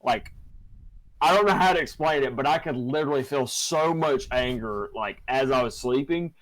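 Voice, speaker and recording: A man's voice: mid-range voice, moderate pace, a bit bright, no echo, rough recording. A young man hosting a podcast, telling a personal story casually with many fillers and restarts. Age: young adult. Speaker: podcast host.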